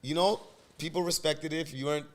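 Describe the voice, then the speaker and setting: A man's voice: a little high, steady tone, fast, a crowd in the background. A man, a guest who works as an event host, chatting casually in a laid-back way. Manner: laid-back, easygoing replies. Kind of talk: casual chat. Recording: loud background noise.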